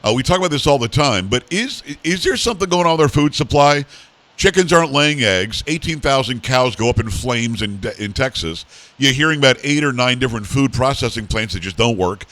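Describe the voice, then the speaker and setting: A man's voice: mid-range voice, lively intonation, brisk, fairly bright tone, no echo. A man hosting a talk-radio show, asking his guest questions in a plain-spoken, conversational way.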